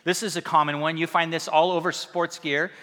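A man's voice: a little high, little pitch movement, fairly quick, pushed and bright. A male pastor preaching a sermon in a conversational, self-deprecating, humorous way, recorded in a church hall. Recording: reverberant hall sound.

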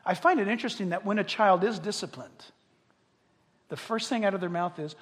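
An older man preaching a sermon, dropping to quiet intimacy and then rising to loud impassioned calls, acting out quoted voices with humor. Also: sits high, a little fast, in a large hall. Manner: acts out quoted voices, jokes with the crowd. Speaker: pastor.

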